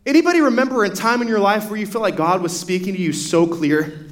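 A man's voice: high voice, fast talker. A young adult man, a pastor, preaching a sermon in a casual storytelling way, full of "like" fillers and restarts.

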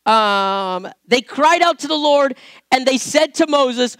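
This man's very high, sing-song voice moves at a slow pace, fairly bright and clean, captured in clean studio sound with no room noise. An adult parent and pastor or Bible teacher, he preaches an informal sermon with scripture reading, conversational and repetitive, working up to emphatic points.

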